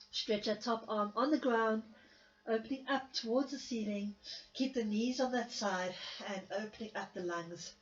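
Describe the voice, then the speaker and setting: Woman gently cueing a Pilates class, coughing. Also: on the high side, measured pace, long pauses, roomy sound, muffled recording. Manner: gentle step-by-step cues with self-mocking laughs. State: recovering from illness, coughing at times. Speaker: Pilates instructor. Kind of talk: guided exercise class cueing.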